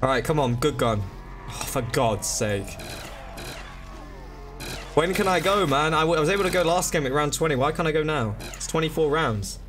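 A young man commentating his game live, excitable, swearing and begging the game for help. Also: a little high, moderate pace, long pauses. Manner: swears, begs and pleads under pressure. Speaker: gaming streamer. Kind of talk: frantic live gameplay commentary. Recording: loud game music behind. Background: game music.

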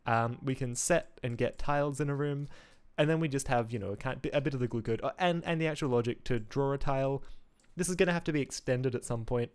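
A man's voice: mid-range voice, brisk, clean tone. A man casually talking through his game code on a live stream, thinking aloud with ums, restarts and wry asides.

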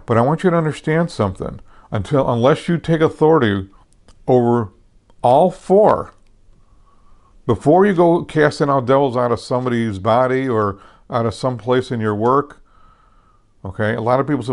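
This man's sermon feels conversational, peppered with "okay?" and "amen?" checks and plenty of restarts and self-corrections. He's a pastor with a medium-pitched voice speaking at normal speed.

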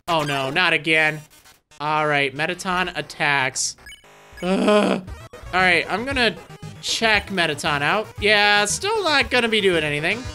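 Woman, let's play commentary, playful reactions, bright forward tone, soft game music behind. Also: fairly low pitch, animated, unhurried. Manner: reactive, playful, exclaims and laughs often. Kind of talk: live gameplay commentary.

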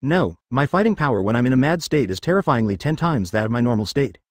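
A man reading the lines of a blunt young woman fighter in a flat machine-read fan fiction, with no change of voice for her. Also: mid-range voice, quick pace, no room sound, clean studio sound, natural voice. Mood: plain. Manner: plain read voice, no change for the role.

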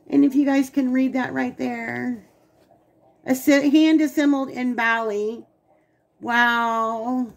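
A woman's voice: high voice, fairly even intonation, slow, creaky. A woman co-hosting a casual unboxing vlog, gushing and talking straight to her viewers. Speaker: channel co-host.

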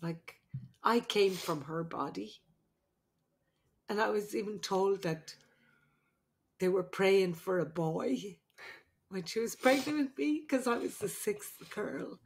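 An older woman talks through tears, slow and halting, with long pauses between her words. Her voice is tender and catches as she speaks to her grown daughter on a podcast. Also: medium pitch. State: crying. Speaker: podcast host, midwife and mother. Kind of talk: emotional heart-to-heart podcast chat.

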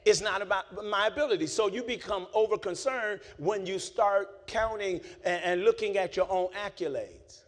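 Leading his congregation in call-and-response, a male pastor preaches at a moderate pace with few pauses. His delivery swings between hushed, low speech and shouting.

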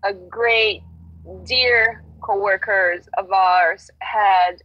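A woman's voice: medium pitch, steady tone, very slow. Earnest woman on a dull lo-fi line. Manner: earnest, frank, with many restarts. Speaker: guest, union organizer at a grocery store. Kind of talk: casual conversational storytelling.

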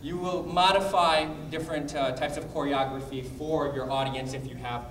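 Calling out drills and explaining technique, a man runs a martial arts class with brisk coaching energy. His voice is slightly high for a man, a bit bright, with fairly even intonation. A distant mic catches him in a reverberant hall full of noticeable background noise.

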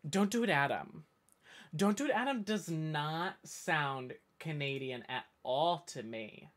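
A man's voice: on the high side, sing-song, takes it slowly, fairly bright tone. A man from the northeastern US chatting casually on a live stream, reading viewer comments and drifting off on tangents. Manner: rambling, talks in tangents with many self-corrections.

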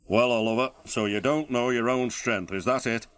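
A man's voice: mid-range voice, normal speed, a bit bright, close to an everyday voice. A man doing a stern, portly railway boss. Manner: stern, reproving. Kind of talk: storybook narration.

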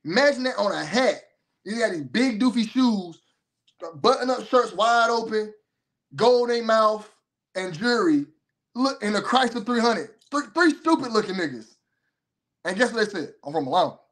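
A man's voice: sits high, expressive, moderate pace, a bit bright. A man hosting a casual commentary show, telling rambling, profane stories with a lot of animation. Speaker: host.

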